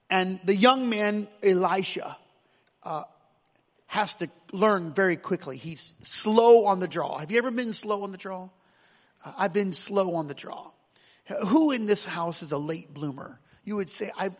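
A man's voice: high voice, fairly bright tone, in a large hall. A man preaching a sermon as pastor, emphatic, with frequent repeated words and restarts.

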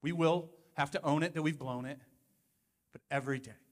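A man's voice: a little high, fairly even intonation, a little fast, big-room sound. A male pastor preaching a sermon in a conversational, emphatic way, full of asides to the congregation.

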